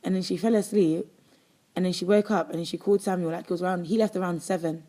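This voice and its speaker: Fast-talking young woman. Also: lowish voice. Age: 20s. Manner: rapid, animated retelling with lots of "like". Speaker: guest. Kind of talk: personal storytelling in an interview.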